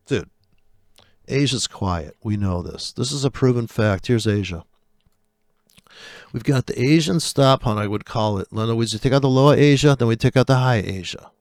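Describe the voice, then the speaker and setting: A man with a gravelly, fry-laden voice rants through his chart commentary. He swears freely and mocks others with biting sarcasm. His voice sounds dry and close, with no room around it. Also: medium pitch, lively intonation, normal speed, a little mellow, dry recording. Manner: profane, sarcastic, mocking. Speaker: trader. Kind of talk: ranting commentary over live charts.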